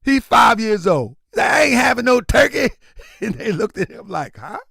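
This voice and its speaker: Man hosting a livestream, high voice, swinging pitch, dry close sound, animated and preachy. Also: normal speed, gravelly, husky, no room sound. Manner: animated, preachy, shouting at times. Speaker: livestream host. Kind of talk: casual livestream talk.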